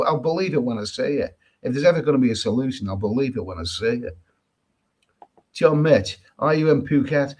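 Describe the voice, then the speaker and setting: A man from England hosting a casual travel live stream, reading viewer comments aloud and answering them in a chatty, repetitive way with many restarts and emphatic opinions. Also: mid-range voice. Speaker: travel vlogger host. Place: island in Thailand.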